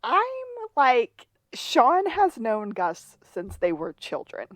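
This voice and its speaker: A woman's voice: fairly high pitch, big pitch swings, slow pace, dry recording. A woman co-hosting a podcast, casually recapping a TV episode with playful asides. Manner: chatty, recounting scenes with playful asides. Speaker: podcast co-host. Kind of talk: casual rewatch recap chat.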